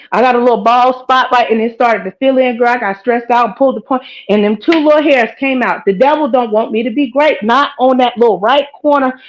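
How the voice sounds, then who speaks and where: Middle-aged woman host, slightly high voice, casual preachy commentary to her viewers. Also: rough recording. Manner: animated, preachy, talks straight to viewers with "girl" and "child". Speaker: host of her own live-commentary channel.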